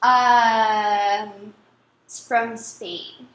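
A woman's voice: on the high side, flat delivery, extremely slow, a bit bright. A woman co-hosting a casual chat show, teasing and giggly. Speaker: podcast co-host. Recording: echoey room.

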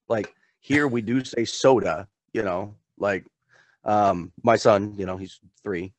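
A laid-back man with a very low, deep voice chats in a rambling, easy way on a podcast, with the odd chuckle between thoughts. The sound is dry and close, with no room echo. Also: slow pace, long pauses. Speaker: podcast co-host. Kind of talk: casual chat.

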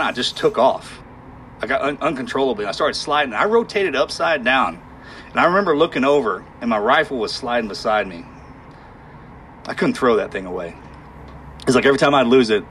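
A man telling a harrowing war story in conversation, halting and emotional, with sighs and restarts. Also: medium pitch, fairly bright tone, slight background noise.

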